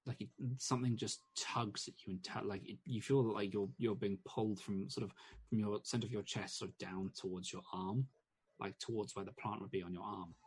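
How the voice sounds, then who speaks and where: Husky man narrating a tabletop game. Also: fairly low pitch, steady tone, fairly quick. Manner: rambling narration full of fillers and restarts. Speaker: game master.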